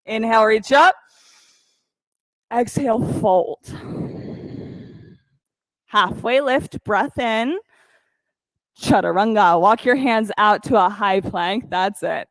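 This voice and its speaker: Slow, calm woman yoga teacher. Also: on the high side, no room sound, rough recording. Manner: calm, counts breaths aloud, encouraging. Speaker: yoga instructor. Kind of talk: guided yoga class cues.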